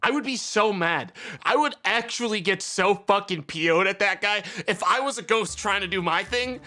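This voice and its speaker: Brief: male streamer, high and bright voice, profane, heated rants at chat. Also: normal speed. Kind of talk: casual livestream chat.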